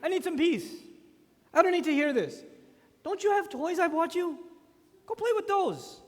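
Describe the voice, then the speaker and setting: A man voicing an irritated, tired father who snaps at his family in a loud, raised voice. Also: lively intonation, moderate pace. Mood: annoyed. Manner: snappish, loud, raised pitch. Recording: long echo of a large conference hall.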